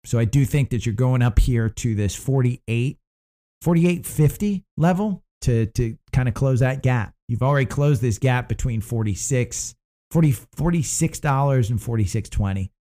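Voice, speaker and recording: Rambling male stock-show host, mellow voice. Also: medium pitch, animated, moderate pace. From United States. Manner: rambling, frequent fillers and restarts. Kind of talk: casual market commentary.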